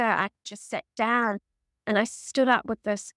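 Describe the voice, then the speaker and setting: A middle-aged woman speaks as a podcast guest, recounting her own story in an earnest, open, reflective way. Her voice sits a touch high for a woman. It is recorded close and dry, with no room sound. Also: moderate pace, a bit bright, dry recording. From New Zealand. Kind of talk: personal storytelling in conversation.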